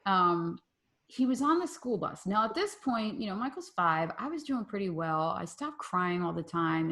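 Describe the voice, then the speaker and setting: A woman in her forties hosting a group call, telling a personal story in a lively way and acting out the voices in her quotes. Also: fairly low pitch, vocal fry. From Philadelphia area. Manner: animated, acts out voices in quotes. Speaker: mastermind group host.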